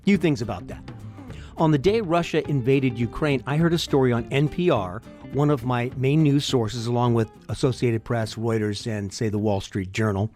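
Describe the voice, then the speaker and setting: A man's voice: medium pitch, moderate pace, a little mellow, soft background music. An older man hosting a podcast, talking alone in a chatty, wry way full of rambling asides. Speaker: podcast host. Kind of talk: solo podcast monologue.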